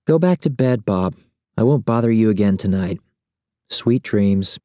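A man's voice: on the low side, animated, unhurried, dark tone, no room sound, studio quality, voice pushed up. A man reading a first-person story, voicing a young woman who sounds sleepy and curt. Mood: tight.

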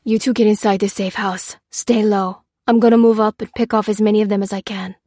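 A woman's voice: mid-range voice, level tone, fairly quick, dark tone, no room sound, natural voice. A woman reads a hardened male major in an audiobook, set on fighting alone. He speaks in short, urgent commands. The read is dry and close. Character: determined male soldier, a major.

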